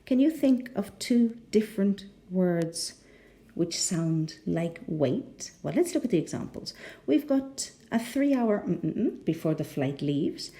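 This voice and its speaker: A woman's voice: lowish voice, animated, slow, mellow. A woman with a rhotic English accent teaching a pronunciation lesson, patient and often checking in with the learners.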